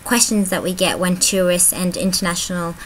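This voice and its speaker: A woman's voice: lowish voice, flat delivery, fairly quick, a little hiss or hum, rough recording. A young Australian woman with an Australian accent, talking casually to her camera and answering common questions with dry, teasing humor and frequent "um"s. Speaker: vlogger. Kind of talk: casual vlog talk to camera.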